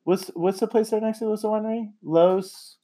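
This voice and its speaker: A middle-aged man chatting casually on a podcast, animated and quick to laugh, with some swearing. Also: high voice. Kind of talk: casual chat.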